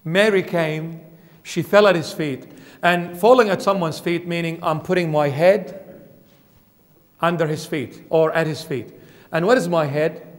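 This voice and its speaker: A man preaching a sermon in a church, emphatic, swinging between fervent outbursts and quiet low passages. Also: big-room sound. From Australia. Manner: emphatic, rising to fervent peaks then dropping low. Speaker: bishop preaching.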